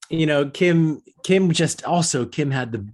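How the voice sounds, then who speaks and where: A man on a podcast as a guest, chatting casually with a halting delivery and frequent restarts. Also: fairly high pitch, darkish tone. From grew up as a military kid on Okinawa. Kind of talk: casual conversation. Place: lives in London.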